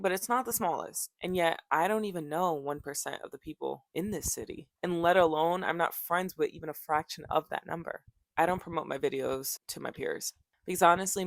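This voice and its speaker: A woman's voice: low voice, a bit bright, dry recording, clean studio sound. A young woman talking casually to her viewers in a vlog, chatty and playful, addressing them directly. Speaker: YouTuber. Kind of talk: casual vlog talk to camera.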